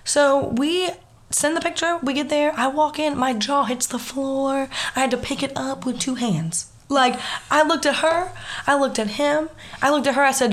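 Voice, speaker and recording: A young woman telling a story in casual chat, animated and swearing freely. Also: sits high, moderate pace.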